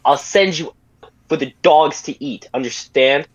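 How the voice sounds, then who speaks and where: A man's voice: a little high, a little slow, breathy edge, lo-fi sound, voice pushed up. A man playing a commanding male gang boss in a tabletop game, stern and threatening, correcting himself as he goes. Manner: stern, rambling, with self-corrections.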